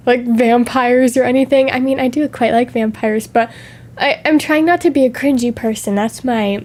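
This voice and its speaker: A young woman streamer chatting casually, bubbly and excitable, with theatrical gasps and dramatic sighs. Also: sits high.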